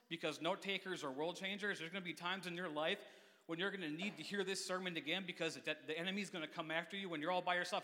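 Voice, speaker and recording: A man preaching a sermon as a youth pastor in a church, with a quick, playful, energetic delivery. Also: a little high. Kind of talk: lively sermon. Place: church sanctuary. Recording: long church reverb.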